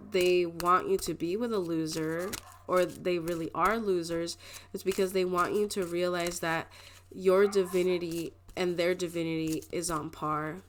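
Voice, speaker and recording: A woman's voice: on the low side, slight background noise. Rambling, emotional woman tarot reader. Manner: rambling, emotional, with frequent laughs and filler words. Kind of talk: casual spiritual card reading.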